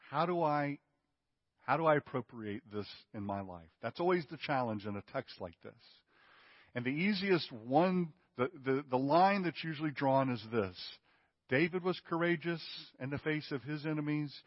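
Brief: a male pastor, slightly high voice, emphatic and chatty, on a muffled recording. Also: expressive, moderate pace, no room sound, big-room sound. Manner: emphatic and conversational, checks in with "okay?". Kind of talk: sermon.

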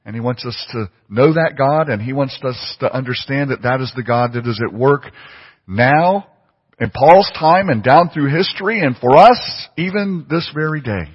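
A man's voice: medium pitch, animated, moderate pace, breathy edge. A man preaching a sermon, emphatic and fond of repeating phrases for stress. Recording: muffled audio with long hall reverb.

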